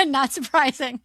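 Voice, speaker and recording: A woman co-hosting a podcast, chatty and quick to react as she tells her own stories. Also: high voice, fairly bright tone. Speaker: podcast co-host. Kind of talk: casual chat.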